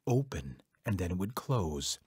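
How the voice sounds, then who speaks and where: A man telling a traditional folk tale in a rhythmic, repetitive, measured way. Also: deep voice, sing-song, darkish tone, slightly rough, no echo, clean studio sound. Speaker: storyteller. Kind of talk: oral folk-tale storytelling.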